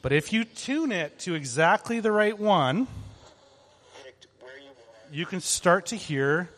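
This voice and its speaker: A man's voice: high-pitched, animated, takes it slowly, fairly bright tone, big-room sound. A man leading children through an interactive object lesson, talking in an upbeat, conversational way and calling for group responses. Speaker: children's ministry leader.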